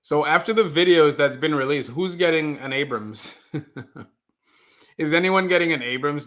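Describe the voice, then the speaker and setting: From his mother's basement, a livestream host with a voice on the high side talks at a moderate pace with a bit of brightness. He casually chats with viewers, reads out their comments and says sorry when the stream freezes.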